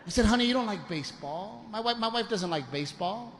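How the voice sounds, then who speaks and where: A man's voice: high voice, expressive, quick pace, fairly bright tone. A man doing a stand-up routine, telling exasperated stories about his wife and family. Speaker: stand-up comedian. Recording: noisy live club recording.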